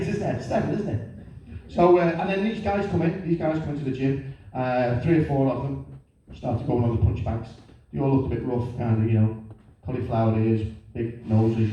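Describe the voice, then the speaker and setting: A middle-aged man doing a lively, self-mocking stand-up comedy routine. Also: medium pitch, dull audio. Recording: echoey room, distant mic, faint noise.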